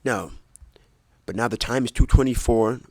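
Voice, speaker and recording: A man's voice: mid-range voice, normal speed, creaky, darkish tone, dry recording. A man hosting his own podcast, chatting casually in a rambling way, correcting himself and making jokey asides into a close microphone at home. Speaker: podcast host. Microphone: close desk microphone.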